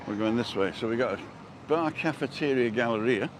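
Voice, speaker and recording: A man's voice: medium pitch, fairly quick, background noise. An Englishman giving a casual, jokey walking tour outdoors, chatting about the shops he passes. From England. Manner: chatty, jokey, chuckles at his own quips. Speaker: vlogger. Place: outdoors on a street.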